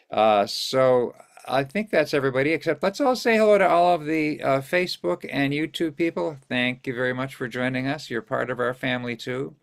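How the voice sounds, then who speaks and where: A man's voice: medium pitch, gravelly, a bit bright. An older man hosting an online song series over a video call, greeting viewers in a chatty, rambling way and losing his place now and then. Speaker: host of an online singing series. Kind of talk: casual greetings to a live online audience.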